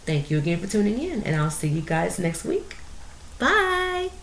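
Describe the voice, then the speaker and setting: A woman hosting a podcast, telling a story in a casual, emotional, animated way. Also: fairly low pitch, a little fast, roomy sound. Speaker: podcast host.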